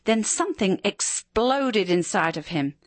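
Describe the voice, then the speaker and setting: A woman reading a story aloud, dramatic and expressive, her pitch moving freely through each line. The recording is close and dry, with little room sound. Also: a little slow, no room sound.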